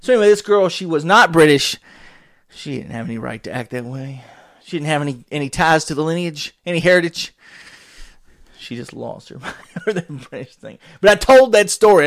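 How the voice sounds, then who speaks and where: A man with a gravelly, fry-edged voice that swings widely in pitch tells a rambling comic story on his podcast. He is crude and digressive and chuckles at his own punchlines. The recording is dry and close. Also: dry recording. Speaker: podcast host.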